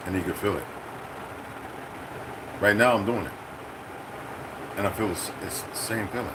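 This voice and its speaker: With a lowish voice and moderate pace, a middle-aged channel host rants about politics without a script, cursing and confrontational, acting out other people's lines in quoted exchanges. Background noise is present.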